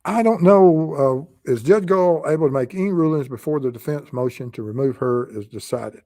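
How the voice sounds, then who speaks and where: A man with a Southern US accent hosting a true crime live stream, answering chat questions in a halting way with many pauses. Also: fairly high pitch, lively intonation, warm tone, dry recording. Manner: halting, with frequent pauses and fillers.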